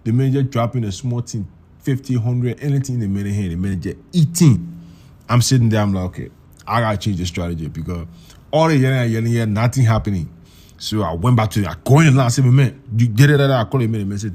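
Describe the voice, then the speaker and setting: A young man telling a story in a casual, animated way, repeating words and acting out the voices of the people in it. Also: medium pitch, fairly quick. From Liberia.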